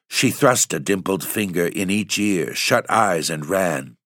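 A man's voice: low-pitched, animated, a bit bright, no echo, clean studio sound. A man hosting and reading a long poem aloud in an ominous, theatrical way. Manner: ominous, drawn-out theatrical delivery. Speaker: narrator and host.

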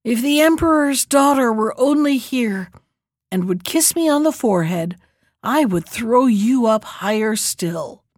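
A woman's voice: fairly high pitch, animated, a little slow, no echo, studio quality. A woman playing a bold, taunting young prince. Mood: mocking.

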